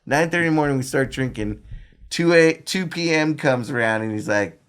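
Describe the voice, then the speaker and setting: Animated man telling stories. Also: medium pitch, moderate pace, clear, resonant tone. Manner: animated, laughing storyteller with lots of "I'm like". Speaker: podcast guest. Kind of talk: casual storytelling.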